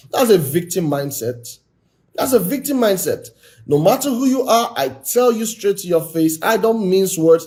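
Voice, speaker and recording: A man giving a blunt, forceful, exhorting talk on a live stream as a relationship coach. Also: high voice.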